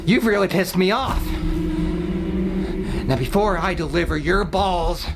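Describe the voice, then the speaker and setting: A man voicing a cryptic, menacing male villain in a parody promo, drawing out his words slowly and threatening with sudden shouts. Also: high voice, creaky, very noisy, pitched above the performer's own voice.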